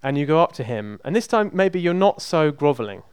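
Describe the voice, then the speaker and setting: Male preacher, conversational and emphatic; clear, resonant voice, dry close sound. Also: fairly high pitch, very animated, fairly quick, no room sound. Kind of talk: sermon.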